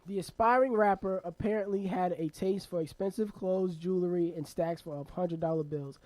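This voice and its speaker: A man's voice: high-pitched, steady tone, moderate pace, a little mellow, dry recording. A man co-hosting a casual podcast, laughing often and reading news stories aloud with joking asides. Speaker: podcast co-host.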